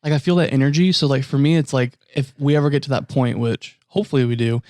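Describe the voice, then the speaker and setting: A man's voice: medium pitch, quick pace, warm tone, no room sound, studio quality. A man co-hosting a podcast, chatting casually, swearing a lot and mimicking the people in his stories. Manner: profane, exasperated, mimics people. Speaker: podcast co-host. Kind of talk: casual chat.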